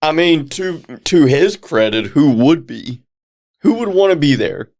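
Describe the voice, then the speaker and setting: Jokey man with a lively voice. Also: a little high, a little slow. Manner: jokey interjections, short agreeing replies. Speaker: podcast co-host. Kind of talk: casual chat.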